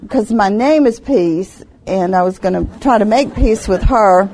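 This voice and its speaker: Soft, gravelly woman telling her testimony. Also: medium pitch, a little slow, hardly any pauses, some chatter behind, a little hiss or hum. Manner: earnest, reflective storytelling with soft laughs. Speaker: speaker telling a personal testimony. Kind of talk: personal testimony talk.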